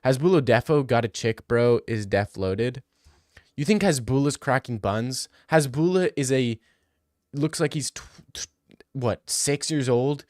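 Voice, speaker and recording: A man's voice: medium pitch, measured pace, darkish tone, no room sound, studio quality. A young man rambling through crude comedic riffs, laughing as he goes.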